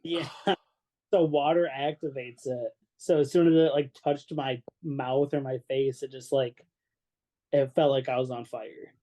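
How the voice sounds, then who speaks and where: A man's voice: medium pitch, fairly even intonation, a little slow, dark tone. A man who is a band's drummer, telling a story in casual chat with lots of "like" and frequent laughter. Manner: laughs often and fills speech with "like". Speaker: band drummer, guest.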